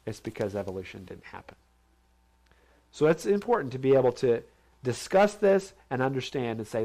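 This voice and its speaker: With a medium-pitched, darkish voice, lively intonation, and a fairly quick pace, a man teaches a Bible lesson in a large steel building. He asks questions and imitates others' voices in this conversational, informal sermon to a group.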